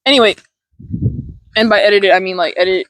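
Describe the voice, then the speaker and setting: Speaking quickly in a mid-range, slightly bright voice, a woman vlogs outdoors beside a large tree about setting boundaries. She's blunt and profane, rambling and restarting in this casual self-help clip. She records herself on a phone or camera, with no room sound and low audio quality.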